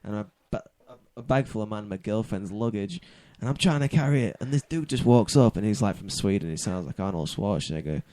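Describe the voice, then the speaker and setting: A man's voice: lowish voice, expressive, fairly quick, few pauses, dark tone, dry recording. Young man telling rambling stories. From United Kingdom. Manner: rambling storyteller, laughs through his tales. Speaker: guest. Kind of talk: casual chat.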